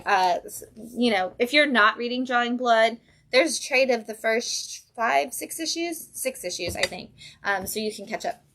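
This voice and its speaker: A woman's voice: medium pitch, fairly bright tone. A woman hosting a casual livestream from a comic shop, chatting enthusiastically about new comics with lots of fillers.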